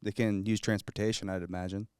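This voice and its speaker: A young co-host with a smooth, slightly low voice delivers blunt jokes in a flat, deadpan way. His voice sits close to the mic with no room echo. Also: fast. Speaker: podcast co-host. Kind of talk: casual comedic chat.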